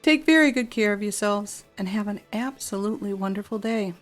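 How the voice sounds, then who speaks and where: A woman's voice: mid-range voice, a little fast, faint music behind. A woman giving gameplay commentary as she plays a city-building game, exasperated and grumbling to herself about the controls. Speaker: game streamer.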